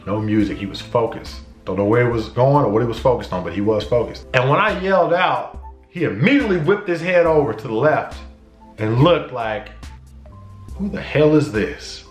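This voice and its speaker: A man's voice: medium pitch, fairly quick, soft background music. Man telling a story, echoey room. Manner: animated, acts out his own shouts and dialogue. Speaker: vlogger. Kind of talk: casual storytelling.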